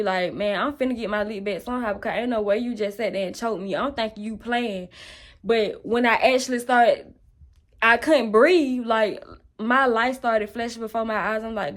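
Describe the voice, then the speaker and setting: Candid young woman telling her story. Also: a little high. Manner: candid, raw and emotional. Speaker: vlogger. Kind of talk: personal testimony storytelling.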